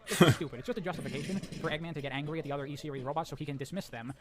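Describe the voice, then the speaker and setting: Fast-talking sarcastic male recapper. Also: fairly high pitch. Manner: sarcastic, blunt critique with casual swearing. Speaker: video essayist narrating a story recap. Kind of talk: fast scripted story recap with commentary.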